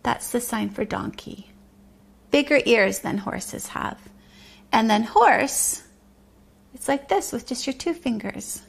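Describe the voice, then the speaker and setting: High, slow-talking preschool teacher woman. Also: expressive, creaky, husky. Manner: sings simple songs and imitates animal sounds; patient, gently encouraging teacher talk. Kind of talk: sing-along lesson for preschoolers.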